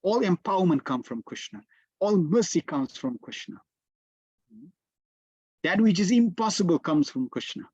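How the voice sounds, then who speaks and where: A man giving a slow, deliberate devotional lecture as a spiritual teacher, telling stories with emphatic repetitions. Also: sits high, very animated, darkish tone, breathy edge, dry recording. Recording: dull, lo-fi dry sound.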